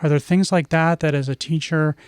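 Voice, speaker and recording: A man's voice: fairly high pitch, steady tone, fairly quick, clear, resonant tone, no room sound. A man co-hosting a casual podcast, asking curious, thoughtful questions.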